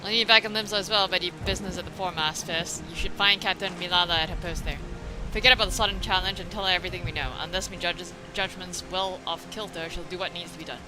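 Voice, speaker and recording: Woman reading a brisk guild agent. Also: lowish voice, fairly even intonation, music in the background, close to an everyday voice, rough recording. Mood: commanding. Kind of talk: reading game dialogue aloud.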